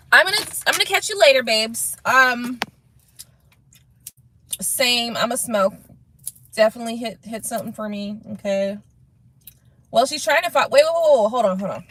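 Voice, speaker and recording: Bright high-voiced woman chatting on a live stream. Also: normal speed, pauses often, slight background noise. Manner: animated, laughs often, swears freely, slangy. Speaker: tarot reader hosting a live stream. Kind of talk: casual live-stream chat reading comments.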